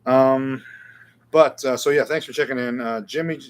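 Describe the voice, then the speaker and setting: A man's voice: mid-range voice, normal speed. A middle-aged man, hosting a casual live guitar Q&A with rambling, self-deprecating chat. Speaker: guitar shop show host.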